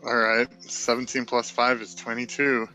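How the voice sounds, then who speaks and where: Male player, bright tense voice, lots of ums and uhs, faint music behind. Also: medium pitch, flat delivery, moderate pace, poor audio. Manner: hesitant, full of fillers, chuckling. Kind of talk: casual tabletop play chat.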